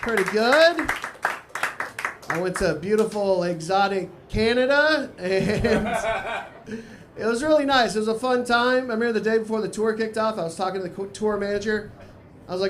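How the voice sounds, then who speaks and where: A man's voice: sits high, expressive, a little fast, fairly bright tone, a little hiss or hum. A man from Texas doing a live stand-up set at a small cafe, talking in a dry, conversational way with crude asides. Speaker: stand-up comedian.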